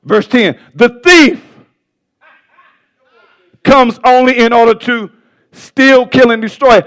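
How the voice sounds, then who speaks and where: A male pastor preaching a sermon with passion, stumbling over words and swinging between loud bursts and soft asides. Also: extremely high pitch, fairly even intonation, a little slow.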